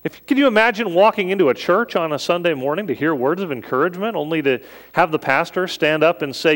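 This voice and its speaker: A man's voice: a little high, fast, hardly any pauses, fairly bright tone. A man preaching a sermon as a pastor, in a conversational way that leans on rhetorical questions.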